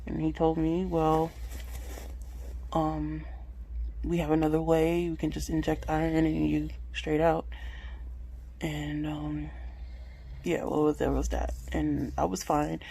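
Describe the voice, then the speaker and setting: Young woman, home vlog on a phone, raw and frank, some vocal fry, dark warm tone. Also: sits low, little pitch movement, slow, long pauses, poor audio. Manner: candid, emotional, swears freely. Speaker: vlogger. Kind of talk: personal talk to camera. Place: at home indoors. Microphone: phone camera.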